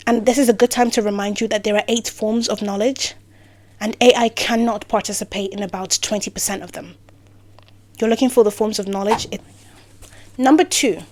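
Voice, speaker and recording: A woman's voice: a little high, a little mellow. A woman giving a motivational talk to camera, playful and sarcastic, breaking off into rambling asides. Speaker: vlogger.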